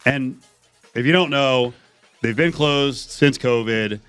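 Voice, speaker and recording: A man hosting a radio show, chatting in a lively, excitable way. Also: medium pitch, slow pace, smooth, soft background music. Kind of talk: casual chat.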